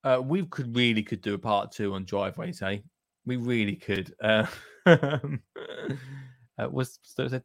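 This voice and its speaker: Hosting a gardening program, a man speaks a little slowly at medium pitch with lively intonation. His banter is casual and radio-like, full of jokes and asides aimed at listeners. The audio is dry and of studio quality.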